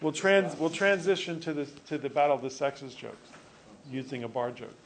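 A man's voice: on the high side, fairly even intonation, moderate pace. A male teacher giving a classroom lecture, joking with students and correcting himself as he rambles.

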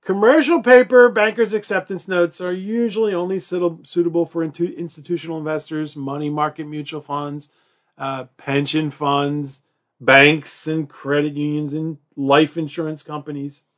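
A male college instructor giving a recorded lecture in a chatty, joking way, with many fillers and acted-out quotes. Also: a little high.

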